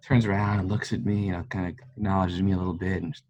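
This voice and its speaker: Low-voiced man telling a rambling pub story. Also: flat delivery, quick pace, highs cut off, very noisy. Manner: rambling, many fillers. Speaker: golf fan guest. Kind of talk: casual storytelling. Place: local pub.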